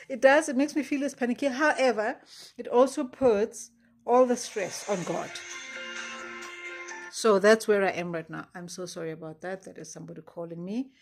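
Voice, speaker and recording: A woman's voice: mid-range voice, normal speed, faint music behind. A woman talking through her faith in a casual diary-style vlog, earnest and rambling. She stops herself often and sounds anxious, close to panic. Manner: earnest, rambling, self-interrupting. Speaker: faith vlogger.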